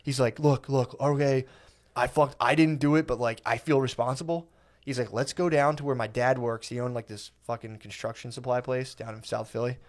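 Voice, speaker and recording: A young man telling a profane, animated comedy story on a podcast, acting out the quoted lines. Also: medium pitch, fairly quick. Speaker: podcast guest.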